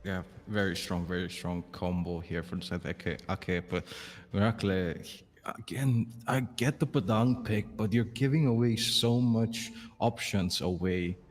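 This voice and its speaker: A lower-pitched male esports caster doing live commentary, animated and quick to exclaim. His voice carries a long reverb tail.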